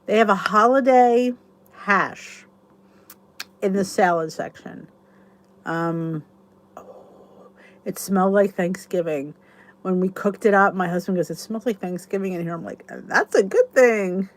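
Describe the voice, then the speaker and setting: A woman's voice: mid-range voice, measured pace, long pauses. A middle-aged woman hosting her channel, chatting casually and enthusiastically to viewers in a rambling way. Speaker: YouTube channel host.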